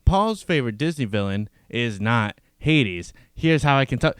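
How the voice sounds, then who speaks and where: Guy cohosting a podcast, teasing his friends, smooth voice, super dry close mic. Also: normal speed, no echo. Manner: animated teasing, jumps in pitch when excited. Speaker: podcast co-host. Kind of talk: casual chat.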